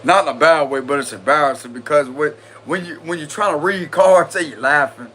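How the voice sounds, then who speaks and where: Giggly and prone to bursts of laughter, a man does tarot readings on a live stream, addressing viewers in casual slang. His fairly high, somewhat bright voice moves briskly, and there's slight background noise.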